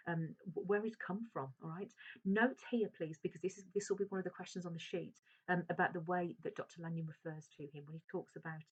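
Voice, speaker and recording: A woman teacher who reads from a novel and talks through each passage. She speaks hesitantly, with many fillers and restarts. Her voice is low and husky, and the recording sounds dull and lo-fi. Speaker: English teacher. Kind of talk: reading and explaining a novel.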